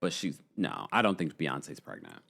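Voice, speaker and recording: A male host chatting on a live stream, reading viewer comments in a sassy, animated way. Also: normal speed, vocal fry. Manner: animated, sassy, swooping pitch.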